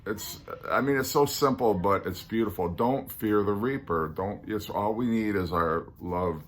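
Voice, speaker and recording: A man's voice: lowish voice, normal speed. A man hosting his own podcast, talking through a countdown list in a musing, hesitant, earnest way full of ums and restarts. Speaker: podcast host. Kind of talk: casual solo podcast countdown.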